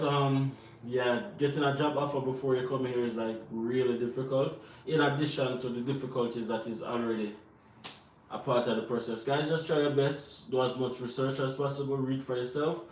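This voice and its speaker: A man's voice: medium pitch, fairly even intonation, normal speed. Earnest Jamaican man in a roomy room. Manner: earnest, advice-giving, repeats himself for emphasis. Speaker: co-host answering viewer questions. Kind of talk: live Q&A chat. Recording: roomy and distant from the mic, faint noise.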